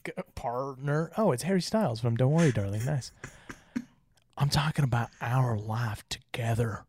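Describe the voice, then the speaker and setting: A man's voice: mid-range voice, expressive, moderate pace, darkish tone, slight background noise. A man from Utah co-hosting a casual podcast, reading notes and joking between them with frequent laughs. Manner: joking, laughs often, reads notes aloud. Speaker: podcast co-host.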